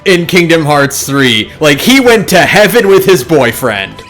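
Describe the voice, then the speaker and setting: A man in casual podcast chat whose pitch swings lively up and down, sitting a bit high. He explains game lore and corrects the others quickly. Faint music plays behind him.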